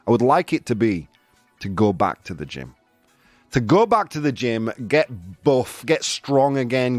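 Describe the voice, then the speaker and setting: A man hosting a radio show, chatting loosely and poking fun at himself. His pitch swings lively and the studio sound is dry and close. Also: no echo. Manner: jokey, self-mocking, laughs often. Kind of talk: casual radio chat.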